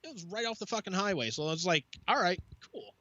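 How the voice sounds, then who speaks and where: Speaking fast in a high-sitting voice, this podcast co-host is recorded with no room sound and a lo-fi quality. He's animated and swears freely while recounting a casual story, performing the quoted voices of its characters.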